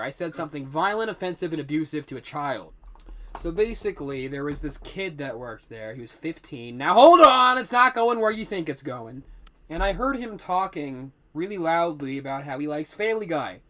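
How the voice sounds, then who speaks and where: A man's voice: fairly high pitch, sharp tone. A young man telling a rambling, profane storytime vlog.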